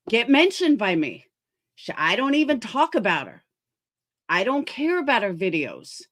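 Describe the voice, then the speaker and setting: A woman's voice: on the high side, sing-song, measured pace. A woman streamer ranting heatedly about other creators, swearing often and sounding exasperated. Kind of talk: livestream commentary rant.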